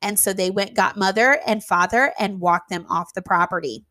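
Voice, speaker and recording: A woman who runs an event venue tells a casual story, animated and emphatic, with fillers and the odd swear word. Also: medium pitch, normal speed, no echo. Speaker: venue owner.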